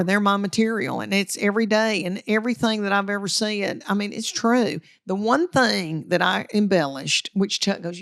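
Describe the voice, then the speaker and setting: Middle-aged Southern comedienne, folksy storyteller, bit of vocal fry, mid-pitched. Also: female voice. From Tennessee. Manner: folksy, animated, acts out family quotes. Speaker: comedian guest. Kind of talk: storytelling interview chat.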